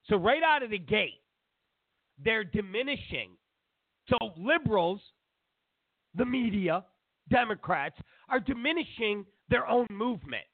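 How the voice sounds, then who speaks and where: A man rants through a talk-show monologue in a high, gravelly voice, sarcastic and wandering off on tangents. The sound is thin and phone-like, with no room around it. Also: lively intonation, a little slow, long pauses, no echo. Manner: ranting, sarcastic, digressive. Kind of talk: opinionated monologue. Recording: dry, phone-like narrow sound.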